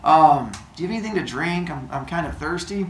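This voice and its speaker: A man's voice: fairly high pitch, animated, a little fast, a bit bright, distant mic. A man voicing a sly, scheming young male sky god in a silly told story, with a sneaky, chummy manner. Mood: friendly. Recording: roomy echo.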